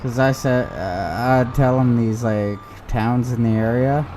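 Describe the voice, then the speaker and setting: A man's voice: medium pitch, measured pace, warm tone, soft background music. A man chatting casually while streaming a game, telling rambling stories. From United States. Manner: rambling storyteller who acts out quoted voices.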